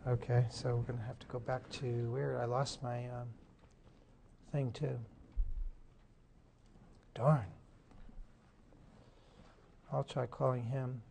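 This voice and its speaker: Male presenter, medium pitch, stop-start delivery at a conference. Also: level tone, creaky, a little mellow, slight background noise. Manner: halting, breaks off mid-sentence to fix tech. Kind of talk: live presentation.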